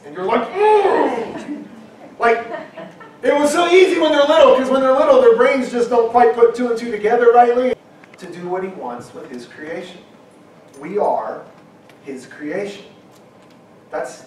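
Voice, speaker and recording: A middle-aged man preaching a sermon, emphatic, at times shouting and acting out quoted objections. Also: high-pitched, a little hiss or hum. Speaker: pastor. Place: church hall. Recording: very echoey hall from far off.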